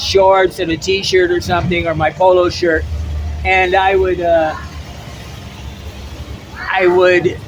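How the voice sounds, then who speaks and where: A man's voice: sits high, a little hiss or hum, poor audio. A middle-aged American man giving a blunt, rambling opinion monologue, often repeating his words. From United States. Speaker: travel vlogger.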